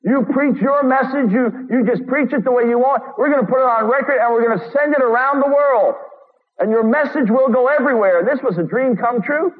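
A man with a very high voice preaches an earnest, urgent sermon a little fast, reading quotes aloud and dropping sarcastic asides. It sounds like a thin, phone-like radio broadcast with long hall reverb.

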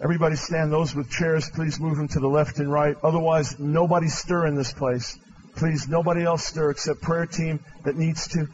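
A man preaching an impassioned revival sermon and altar call in a large church, swinging between loud proclaiming and hushed pleading. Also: fairly high pitch, fairly even intonation, moderate pace, lo-fi sound, slight background noise.

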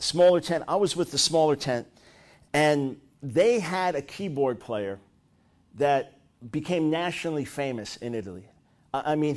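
Middle-aged male preacher, high voice, lively storyteller, punches up quoted lines. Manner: animated storytelling, rising to loud high-pitched bursts when acting out quotes. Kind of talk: sermon.

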